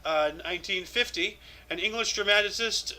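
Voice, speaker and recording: Sharp-voiced, irreverent man. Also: high-pitched, normal speed, rough recording. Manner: irreverent, swears freely, muses aloud. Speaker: host reading a daily history calendar. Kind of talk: casual off-the-cuff commentary.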